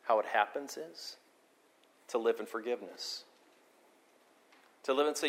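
A pastor preaching a sermon, earnest and storytelling, moving between forceful emphasis and quiet, intimate moments. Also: male voice, mid-range voice, unhurried, long pauses. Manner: animated storyteller, repeats words for emphasis.

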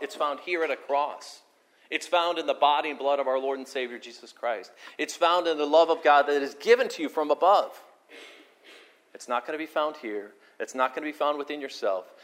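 A pastor preaching a sermon, earnest and storytelling, moving between forceful emphasis and quiet, intimate moments. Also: male voice, mid-range voice. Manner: animated storyteller, repeats words for emphasis.

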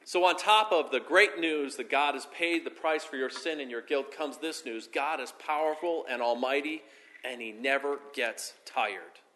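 A pastor delivers a sermon in a bright, forceful male voice. He presses key phrases with emphasis, then lets sentences fall away quietly and slowly. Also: mid-range voice. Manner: preaching with rising emphasis and soft, slow drops at phrase ends.

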